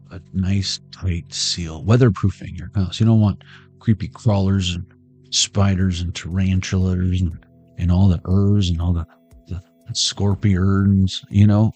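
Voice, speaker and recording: Male tarot reader, lowish voice, joking and tangential, faint music underneath. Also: mellow. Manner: jokey, tangential, talks to viewers. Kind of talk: casual rambling tarot reading.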